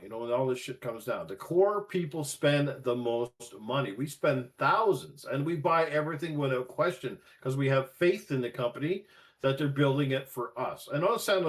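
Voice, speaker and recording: A man co-hosting a gaming podcast, ranting in casual, profane chat and slipping into mocking voices. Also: mid-range voice. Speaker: podcast co-host.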